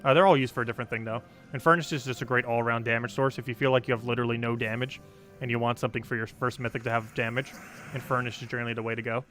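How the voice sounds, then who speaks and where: Talking rapid-fire in a mid-range, fairly bright voice with fairly even intonation, a young man chats on a gaming stream as faint music plays. He answers chat and meanders through strategy tips, packed with ums and likes.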